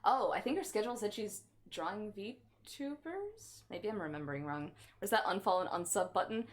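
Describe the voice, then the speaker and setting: A woman streaming and bantering with her viewers, her pitch swinging up and down in an animated, playful way. She teases and plays at being offended, in the easy tone of casual stream chatter. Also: moderate pace. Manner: playful, teasing, mock-offended, often laughing. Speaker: livestreamer.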